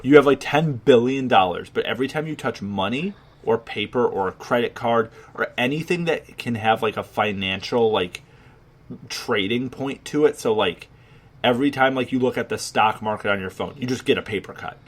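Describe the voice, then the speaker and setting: Podcast co-host, male, mid pitch, loose rambling delivery full of fillers and swearing. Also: normal speed. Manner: rambling, heavy on filler words, profane. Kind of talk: casual chat.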